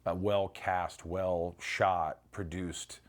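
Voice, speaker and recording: A middle-aged man reminisces in a relaxed interview, his voice sitting a little low. He tells stories with energy, swears freely and bursts into acted-out lines. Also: very slow. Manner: animated storyteller, swears freely, acts out lines. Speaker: actor interviewee.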